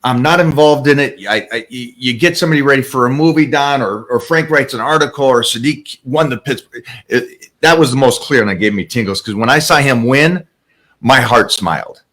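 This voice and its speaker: A man's voice: medium pitch, brisk, a bit bright. A man hosting a casual chat, talking in an earnest, heartfelt, rambling way.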